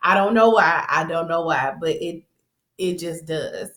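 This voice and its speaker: A woman's voice: lowish voice, unhurried. Chatty woman recapping in an echoey room. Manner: chatty and rambling, laughs often, animated quoting. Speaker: TV episode recap vlogger. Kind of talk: casual episode recap.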